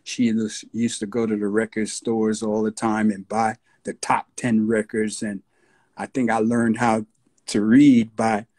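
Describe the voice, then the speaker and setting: Slow husky older man telling stories. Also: fairly low pitch, little pitch movement, darkish tone. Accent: New York. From United States. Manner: slow, unhurried storyteller with husky tone, breaks into voices of radio DJs. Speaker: interview guest, rapper. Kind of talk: relaxed storytelling interview.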